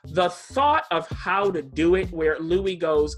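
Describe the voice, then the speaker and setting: A man's voice: high-pitched, animated, slow pace, few pauses, fairly bright tone, faint music behind. A man co-hosting a podcast, chatting enthusiastically through a TV show review with plenty of restarts and asides. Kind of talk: casual TV review chat.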